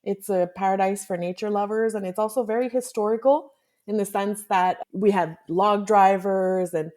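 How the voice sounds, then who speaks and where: A woman's voice: medium pitch, fairly even intonation, normal speed, darkish tone. Friendly woman from Quebec as guest. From Quebec, Canada. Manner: friendly, explanatory, teasing. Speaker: travel blogger guest. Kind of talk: podcast interview.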